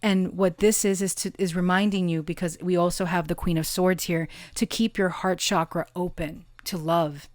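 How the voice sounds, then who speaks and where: A woman giving an intimate pick-a-card tarot reading, slow and earnest, affirming her listeners and drawing out key words. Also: on the low side, fairly even intonation, no echo, studio quality. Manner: gets emotional and laughs softly at times; occasional swearing and casual fillers.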